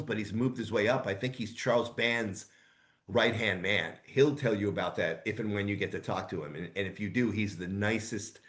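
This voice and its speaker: A man in his sixties, a voice actor guest telling rambling, lively anecdotes in a casual interview. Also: mid-range voice. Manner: rambling, animated anecdotes with asides.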